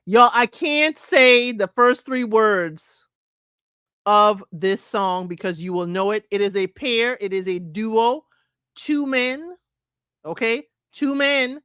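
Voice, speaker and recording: A woman talks at an unhurried pace in a casual solo show, speaking straight to her listeners as y'all. Her voice sits a little high. Now and then she sings a line of a song. The sound is dry and close to the mic. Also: fairly bright tone, clear, resonant tone, dry recording. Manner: chatty, addresses listeners as y'all, sings snippets of lyrics. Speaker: podcast host. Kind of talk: casual solo talk about music.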